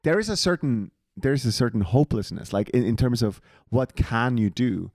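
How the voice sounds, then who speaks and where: A man's voice: mid-range voice, expressive, normal speed, darkish tone, no room sound, clean studio sound. Blunt swearing podcast man. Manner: blunt, swearing, laughs often. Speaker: podcast co-host. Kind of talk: casual chat.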